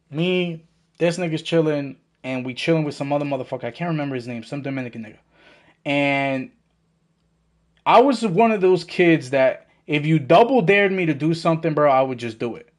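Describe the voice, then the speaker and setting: A young man from the Bronx tells a long story to his stream. He is animated and profane and plays out every voice. His voice sits a touch higher than most men's. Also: moderate pace. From the Bronx, New York. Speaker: gaming streamer.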